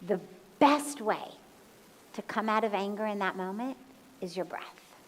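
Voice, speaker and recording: A woman spiritual teacher answering a question in a calm, measured talk and guiding a slow breathing exercise aloud. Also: mid-range voice, a little hiss or hum, rough recording. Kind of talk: slow, gentle satsang talk. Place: satsang hall.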